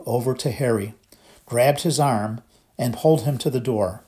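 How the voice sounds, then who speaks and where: Steady and measured, a male narrator tells the story of an audiobook. His pitch is mid-range, and he is reading scripted text.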